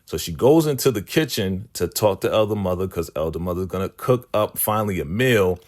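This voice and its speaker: A very low-voiced man chats through a TV episode recap at a relaxed clip. He keeps switching into quick voices for the characters whenever he quotes them. His speech is clear and close to the microphone. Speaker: recap channel host. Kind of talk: casual episode recap, acting out dialogue. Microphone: podcast microphone.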